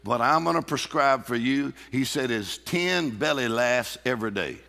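A man's voice: mid-range voice, animated, moderate pace, gravelly, bright, forceful tone. A man preaching a sermon in a church, emphatic and laughing often as he calls out to the congregation. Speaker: pastor. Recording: reverberant hall.

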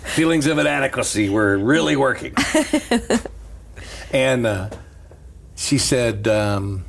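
A man who is a preacher, telling a story in casual talk, animated and chuckling often. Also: mid-range voice, takes it slowly, creaky, long pauses.

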